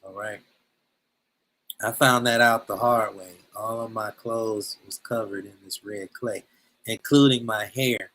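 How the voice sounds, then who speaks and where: A man giving an animated talk over a video call, telling a lively story and acting out what people said. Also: fairly low pitch, unhurried, low-quality recording. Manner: lively storyteller, acts out quotes. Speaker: presenter, drummer. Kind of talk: animated storytelling at an info session.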